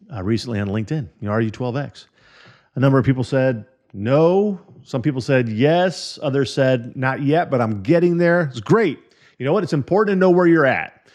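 A man hosting a podcast, talking straight to listeners, emphatic and fond of repeating key phrases and asking questions. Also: a little high. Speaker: podcast host. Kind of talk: energetic podcast monologue.

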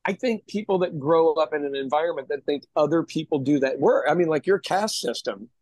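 Man, working chef, casual podcast storyteller; a bit high-pitched, frank, swears easily. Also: a little fast, a little mellow, no echo. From Kansas City area, USA. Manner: candid, self-deprecating, swears casually.

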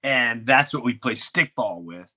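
A man hosting a podcast, telling a neighborhood story in casual chat and acting out quotes with loud, animated outbursts. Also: mid-range voice, measured pace. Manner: animated, acts out shouted quotes. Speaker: podcast host.

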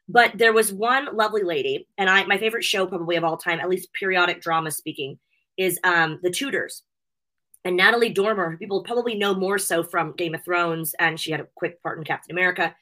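A woman's voice: medium pitch, pushed and bright, rough recording. A woman chatting as an interview guest, telling emotional stories in an effusive way with lots of fillers. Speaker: guest, wrestling personality and convention host. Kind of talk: casual interview chat.

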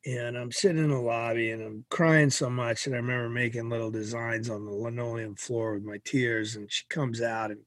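A middle-aged man from Massachusetts, an interview guest telling a personal story in an animated way. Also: mid-range voice, normal speed, few pauses, dry recording, clean studio sound.

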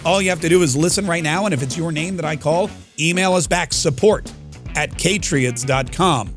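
This podcast host, his voice fairly high and his pace moderate, covers politics and a giveaway with a brash, mocking, rambling delivery. Faint music plays behind him.

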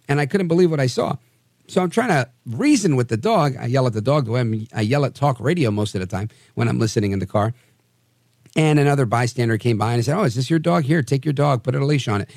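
A man hosting a podcast, telling odd news stories with wry, animated asides. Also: medium pitch, a little fast, no room sound, clean studio sound. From New Jersey area. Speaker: podcast host. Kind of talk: casual news commentary.

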